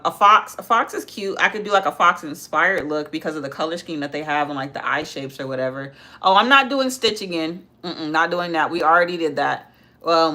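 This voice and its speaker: A woman's voice: sits low, sharp tone. A young woman doing her makeup on a livestream, chatting casually and answering viewers' comments as she reads them out. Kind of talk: casual live-stream chat while doing makeup.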